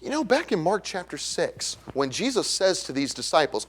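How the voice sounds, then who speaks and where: A man's voice: high voice, big pitch swings, fairly quick, few pauses. A man preaching an evangelistic sermon in a church, who asks the congregation questions and acts out the voices of others. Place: church sanctuary.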